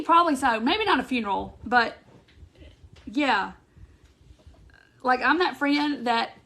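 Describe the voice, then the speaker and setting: Lady chatting on her craft live, high voice, keeps giggling, reads out viewer names. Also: creaky, fairly bright tone. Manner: giggly, laughs often while talking. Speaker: craft live-stream host. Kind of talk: casual live chat reading viewer comments. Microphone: phone or webcam on a live stream.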